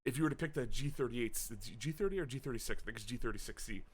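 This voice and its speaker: A man co-hosting a casual gaming podcast, talking in an animated way, swearing freely and filling his talk with "uh" and restarts. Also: medium pitch, very fast, breathy edge. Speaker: podcast co-host.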